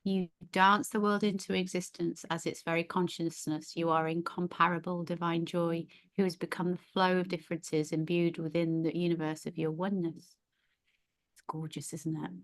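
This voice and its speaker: A woman's voice: on the low side, level tone, moderate pace. A middle-aged woman teaching a yoga class, thinking aloud with frequent restarts. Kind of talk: casual teaching in a small group.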